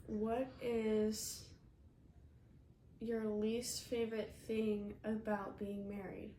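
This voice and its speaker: A woman's voice: medium pitch, little pitch movement, very slow. A young woman in her twenties chatting on a podcast with a friend, teasing and playful. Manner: teasing, playful, bursts into yelling. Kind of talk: casual podcast chat. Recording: echoey room, faint background noise.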